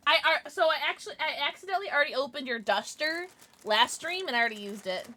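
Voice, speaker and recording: Gushing, high-pitched young woman streamer. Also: quick pace. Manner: excitable, squealing and gushing over gifts. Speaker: livestreamer. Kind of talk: casual livestream chat.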